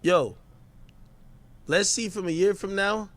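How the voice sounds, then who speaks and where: A man giving slangy, animated commentary in a casual reaction chat, breaking into loud laughs. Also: high-pitched, takes it slowly.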